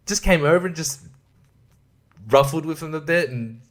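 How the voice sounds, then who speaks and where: A man hosting a solo podcast, ranting with lots of swearing, frequent laughter and hushed asides. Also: fairly high pitch, lively intonation, fairly quick. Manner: profane, ranting, laughs often. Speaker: podcast host.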